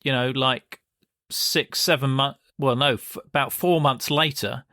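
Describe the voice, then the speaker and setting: A man's voice: mid-range voice, steady tone, measured pace, bright, forceful tone, dry recording, clean studio sound. A male podcast host chatting reactively with his guest in an interview. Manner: reactive, conversational. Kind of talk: interview chat.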